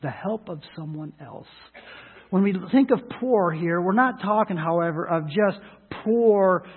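A middle-aged man pastor telling a folksy, halting personal story in his sermon, voicing people with raised shouts. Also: sits high, husky. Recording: echoey hall, phone-like sound.

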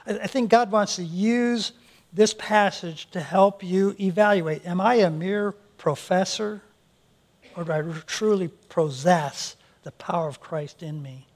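A man's voice: sits high, unhurried, a little mellow. A male pastor preaching a sermon, earnest, often repeating words as he restarts his sentences.

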